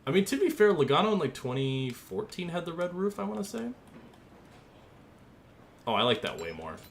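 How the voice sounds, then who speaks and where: A young gaming streamer with a high, gravelly voice talks to chat at a moderate pace, his pitch swinging widely. He's goofy and quick to be amused while designing a paint scheme, with slight background noise present.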